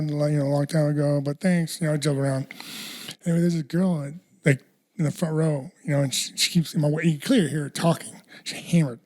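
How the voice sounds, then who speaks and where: A man tells a story at a rapid clip, playing out each person's lines as he goes and swearing casually. His voice sits a little high for a man but has a soft, mellow tone. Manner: animated anecdote teller, acts out quotes, swears freely. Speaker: podcast co-host.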